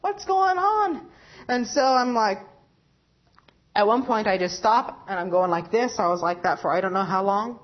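A young woman giving a personal religious testimony, rambling and halting, with many fillers and self-corrections. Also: mid-range voice, highs cut off. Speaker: lay preacher giving testimony.

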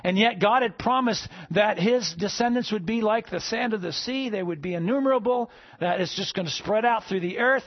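A man preaching a sermon to a congregation, rising to emphatic peaks and then dropping soft. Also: high voice, normal speed, few pauses, no echo, muffled recording. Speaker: pastor.

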